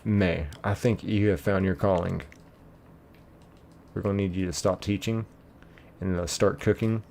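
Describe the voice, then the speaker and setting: A man's voice: low voice, steady tone, a little slow, creaky, a little mellow, slight background noise. A man streaming a game, casually reading chat messages aloud, laid-back and chuckling.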